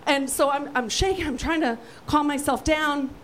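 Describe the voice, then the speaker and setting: A woman telling a profane, animated comic story on stage, brash and lively. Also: sits high, moderate pace, slight background noise, rough recording. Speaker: storyteller guest.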